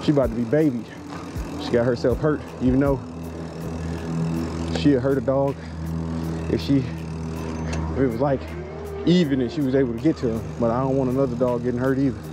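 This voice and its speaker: A man's voice: mid-range voice, steady tone, moderate pace, pauses often, background noise. A man riding an e-bike outdoors and vlogging as he goes, joking about himself in loose slang. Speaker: moto vlogger. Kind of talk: casual ride vlog. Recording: music playing under outdoor ride audio. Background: background music.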